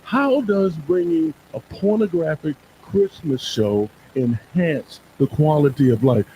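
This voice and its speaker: A man's voice: fairly high pitch, animated, takes it slowly, hardly any pauses, dark tone, a little hiss or hum, poor audio. A man from Bakersfield, California, talking as a guest on a talk show, emphatic and repeating words as he gets worked up. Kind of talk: casual talk-show conversation.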